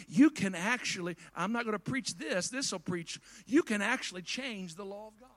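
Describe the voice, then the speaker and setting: Preacher guy w a bright ringing voice, folksy sermon, goes from quiet asides to shouting. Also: high voice, animated, normal speed, hardly any pauses. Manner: folksy, addresses the congregation directly.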